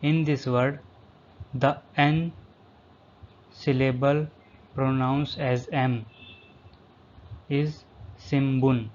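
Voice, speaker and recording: Very slow man drilling vocabulary. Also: medium pitch, fairly even intonation. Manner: says each word twice, then the English. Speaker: language teacher. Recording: slightly dull lo-fi recording, faint background hum.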